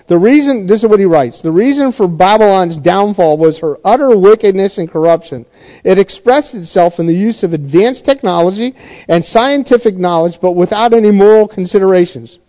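A man leads a verse-by-verse Bible study, talking it through casually with restarts and asides to his listeners. His voice sits high but sounds mellow and dark in tone. The recording is dull and lo-fi. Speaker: pastor teaching a Bible study.

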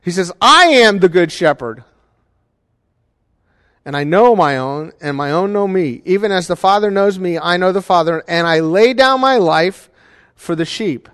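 A man with a somewhat high voice preaches a sermon in a church sanctuary. He talks conversationally and keeps asking the congregation whether they follow him. The sound rings with the long reverb of the hall. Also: normal speed, smooth. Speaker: pastor.

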